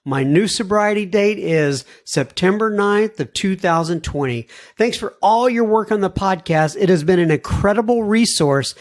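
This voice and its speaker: Man reading listener mail, folksy and unhurried. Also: sits high, expressive. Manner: unhurried, folksy, warmly appreciative asides. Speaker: podcast host. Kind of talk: reading listener emails aloud.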